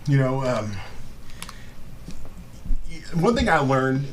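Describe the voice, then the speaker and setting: A middle-aged man telling comic stories on a live show, animated and profane, often breaking into laughter. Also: mid-range voice, drawn-out words. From Southern California. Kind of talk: casual comedic storytelling. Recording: live stream with faint ambience.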